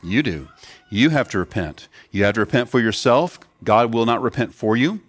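A man preaches to a congregation of children and adults, teaching earnestly and pausing to question the young listeners. His voice sits at a middle pitch for a man. It is recorded close and dry, with little room sound. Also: animated, no room sound. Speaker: pastor.

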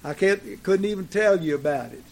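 A man preaching a sermon, swinging between emphatic declarations and relaxed, folksy storytelling with plenty of fillers. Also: sits high, normal speed.

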